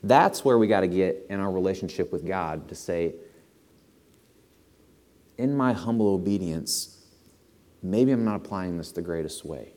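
A man delivering a sermon in a church sanctuary, his lowish voice carrying with a long, lingering reverb. He speaks earnestly and pushes into animated emphasis on his key points. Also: unhurried, pauses often. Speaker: pastor.

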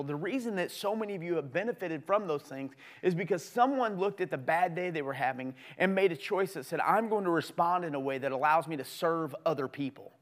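A middle-aged man preaching a sermon as pastor, earnest and conversational, with lively swings in pitch and loudness.

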